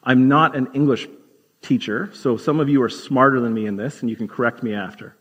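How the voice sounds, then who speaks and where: A man preaching a sermon as pastor, explaining scripture in a conversational teaching manner and slowing down to stress key words. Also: medium pitch, a bit bright, husky. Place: church sanctuary. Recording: long hall reverb.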